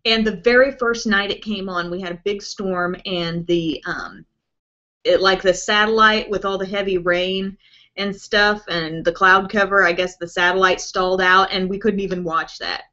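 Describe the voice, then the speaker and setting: A woman beauty vlogger chats loosely through viewer questions on a live stream. She rambles along with plenty of fillers, and her voice is bright and a little sharp. The stream audio is dull and lo-fi. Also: mid-range voice, normal speed. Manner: chatty, rambling, with many fillers like "um" and "like". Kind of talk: casual chat answering viewer questions.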